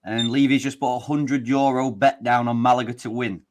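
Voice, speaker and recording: A man's voice: medium pitch, fairly even intonation, moderate pace. A man co-hosting a casual football livestream, upbeat and jokey as he runs predictions and comments. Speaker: livestream co-host.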